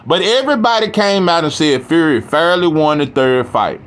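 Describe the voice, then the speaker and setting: A man's voice: fairly high pitch, lively intonation, normal speed, fairly bright tone. A man talking boxing in a casual, heated, profane rant, rambling with restarts. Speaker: boxing commentator.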